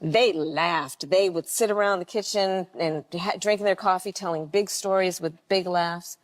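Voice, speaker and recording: A woman's voice: on the low side, moderate pace. A woman talking in an interview, reflective and storytelling in manner. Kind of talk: interview talk.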